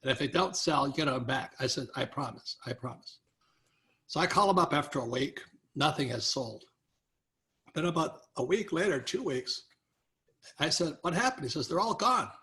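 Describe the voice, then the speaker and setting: An older man, a guest author, telling animated anecdotes in an interview, acting out quoted voices. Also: a little high, moderate pace. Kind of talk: storytelling interview.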